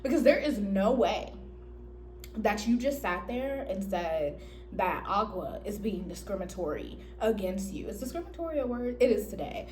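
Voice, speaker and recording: A woman's voice: medium pitch, big pitch swings, moderate pace, darkish tone, a little hiss or hum. A woman vlogger telling a story in a casual, slangy way, talking straight to her viewers as y'all. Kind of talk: storytime vlog.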